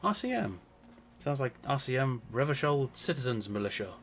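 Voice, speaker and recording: A man's voice: medium pitch, sing-song, normal speed, a bit bright, slight background noise. Man streaming, reading game text aloud. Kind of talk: casual live gameplay commentary.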